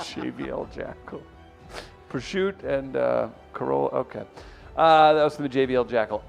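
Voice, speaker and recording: A man's voice: mid-range voice, vocal fry, soft background music. A man hosting a radio show, joking and teasing his co-hosts in casual banter. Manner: joking, teasing, quick to mock.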